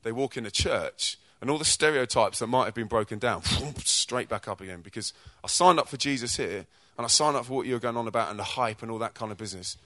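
A British man gives a testimony-style sermon to young people, his voice sitting at a medium pitch. He tells stories from his own life in an energetic, chatty way. The sound is dry and close. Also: fast talker, few pauses, no room sound. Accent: British English. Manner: energetic, chatty storyteller who acts out quotes. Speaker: speaker at a youth church event.

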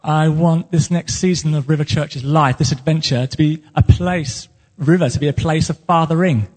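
A man's voice: a little high, normal speed, a little mellow. A man preaching as the pastor of his church, speaking earnestly and with passion about his calling. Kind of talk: sermon. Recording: long hall reverb.

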